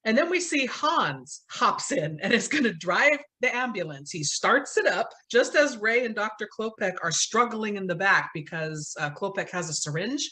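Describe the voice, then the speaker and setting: A woman's voice: medium pitch, normal speed, hardly any pauses. A woman co-hosting a podcast, recapping a film plot in casual chat and laughing often. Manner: animated storytelling, laughs often. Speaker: podcast co-host.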